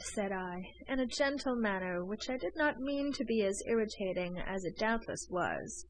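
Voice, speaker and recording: A woman narrating an audiobook of a classic novel in an even, measured reading. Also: medium pitch, no echo, rough recording. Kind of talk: scripted narration.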